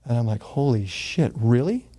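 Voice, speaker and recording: An older man in his sixties speaks as an interview guest, warm and mellow in tone. He tells his story in a casual, earnest way, with the odd curse word. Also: mid-range voice, lively intonation, normal speed. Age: 60s. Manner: earnest, gets choked up, swears casually.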